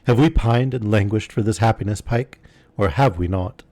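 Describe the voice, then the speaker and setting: A man voicing a pompous, smooth-talking gentleman who speaks in grand, flowery, theatrical flattery. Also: on the low side, normal speed, no echo, close to an everyday voice.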